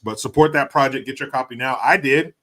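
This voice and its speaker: A man's voice: medium pitch, fairly quick, a bit bright. A man hosting a livestream who reads out viewer messages and banters in a joking, profane, laid-back way. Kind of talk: casual chat.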